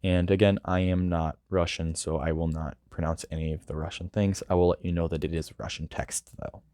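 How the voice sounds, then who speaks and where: A man's voice: deep voice, fairly even intonation, a little fast, warm tone, dry recording, clean studio sound. A man reading a first-person story aloud, earnest and with small stumbles. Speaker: audiobook reader.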